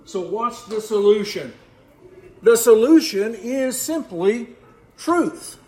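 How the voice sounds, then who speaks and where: A man's voice: high voice, expressive, slow, mellow. A man preaching a sermon, often repeating his words and asking the congregation questions. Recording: echoey room, faint background noise.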